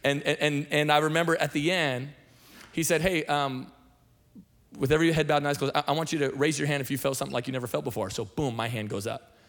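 A middle-aged male pastor tells his conversion story from the pulpit in a fairly high voice. His delivery is quick and informal, with frequent repeated words and restarts. He sounds like he is telling the story to friends. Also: steady tone, a bit bright. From Washington state, USA. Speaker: senior pastor. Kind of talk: sermon testimony.

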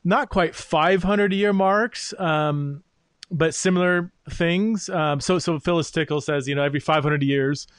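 A man's voice: a little high, measured pace, dry recording. A man hosting a podcast, talking through ideas in a thoughtful, searching way with many fillers. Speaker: podcast host. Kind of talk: interview conversation.

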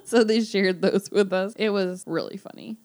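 A woman's voice: mid-range voice, moderate pace, a little mellow. A woman co-hosting a podcast, chatting casually and telling funny stories, often laughing and acting out what people said. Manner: giggly storyteller, acts out quotes. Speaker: podcast co-host. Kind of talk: casual chat. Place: Maui, Hawaii.

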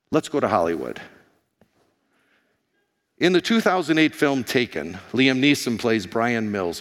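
A man preaching a sermon as pastor, hoarse, animated and firing questions at his congregation. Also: mid-range voice. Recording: long reverb of a large hall.

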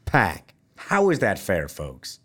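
A man's voice: low-pitched, takes it slowly, crowd noise. A middle-aged man hosting a casual chat, playful and teasing, talking straight to his listeners. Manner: animated, playful teasing, talks to listeners as folks. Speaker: podcast host.

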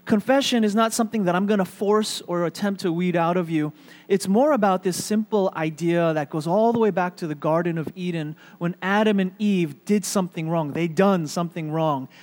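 A man preaching a sermon in an easy, conversational manner, his voice sitting a touch higher than most men's. He drops in fillers and light humor as he talks. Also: moderate pace, darkish tone. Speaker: pastor.

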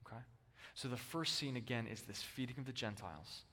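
A male pastor preaching a sermon, with emphatic stress that swings between loud bursts and hushed, low lines. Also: brisk. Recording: long hall reverb.

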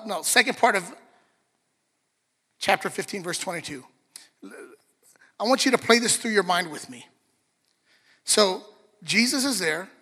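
A man preaching a sermon, animated, acting out the story in different voices. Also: high-pitched. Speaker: pastor. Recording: long reverb of a large hall.

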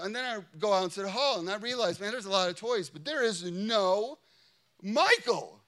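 Bright, animated pastor preaching. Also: male voice, sits high, fairly quick. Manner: animated storytelling, jokey asides, frequent "you know what I mean". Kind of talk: sermon. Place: large church before a congregation.

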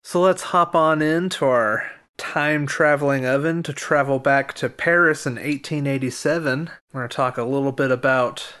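A man co-hosting a casual history podcast, chatting easily and then reading history segments in an even, informative way. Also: mid-range voice, normal speed, clear, resonant tone. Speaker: podcast co-host.

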